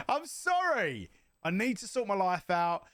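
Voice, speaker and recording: Excitable high-voiced man, bouncy pitch. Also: unhurried, no room sound. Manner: excitable, shouty, jokey, talks to chat. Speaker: streamer reacting to a video. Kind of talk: casual live reaction chat.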